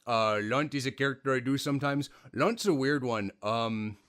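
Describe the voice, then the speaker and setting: A man hosting a casual chat about voice acting, animated and breaking into demo voices, his voice tired after a long day. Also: mid-range voice, normal speed, clean tone. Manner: animated, demonstrates voices mid-sentence. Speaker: podcast host.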